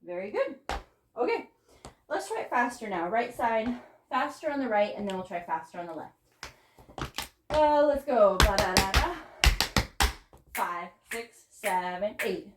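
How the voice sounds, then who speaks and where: A woman's voice: mid-range voice, sing-song, a little slow, pauses often, loud music behind the voice. A young woman teaching a tap dance class, counting out beats and cheering students on while out of breath. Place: dance studio. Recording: echoey room with clear noise.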